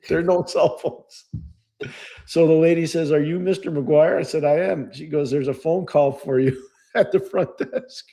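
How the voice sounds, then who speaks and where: A middle-aged man co-hosting a podcast, telling anecdotes in a lively way and acting out the voices of the people in them. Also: a little high, measured pace. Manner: animated storyteller, acts out quoted voices, laughs often. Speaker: podcast co-host. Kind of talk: storytelling in casual chat.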